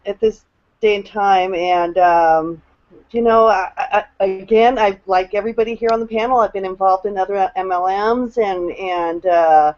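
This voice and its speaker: A woman's voice: medium pitch, a little mellow, muffled recording. A woman on a video call sharing her experience as a new team member in a rambling, emotional way, full of fillers and restarts. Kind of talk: casual testimonial on a video call.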